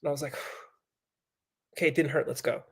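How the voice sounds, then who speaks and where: A man's voice: a little high, normal speed, husky. A man, a pro mountain biker, telling a story in casual chat with swearing and acted-out quotes. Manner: animated, swears, acts out quoted voices.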